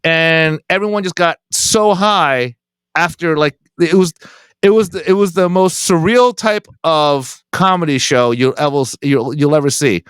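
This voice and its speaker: A man's voice: fairly high pitch, unhurried, clear, resonant tone, no echo. Rambling stand-up comic man. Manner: rambling, animated storytelling. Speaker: podcast host. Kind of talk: casual chat.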